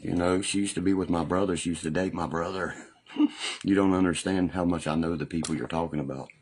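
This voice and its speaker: Deep-voiced man rambling live. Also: steady tone, a little fast, darkish tone, a little hiss or hum. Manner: rambling, profane, drawling, full of fillers. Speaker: livestreamer. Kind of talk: casual live-stream chat.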